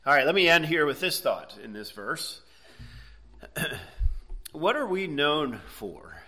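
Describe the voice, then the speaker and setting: Middle-aged pastor guy, bright voice, chatty sermon, keeps asking okay? right?. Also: fairly high pitch, big pitch swings, slow. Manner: conversational, explanatory preaching with frequent "okay?" and "right?".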